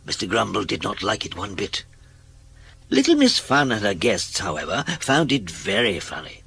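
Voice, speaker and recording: A man reading a children's storybook aloud in an expressive read-aloud manner. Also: lowish voice, moderate pace, gravelly, slight background noise. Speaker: narrator.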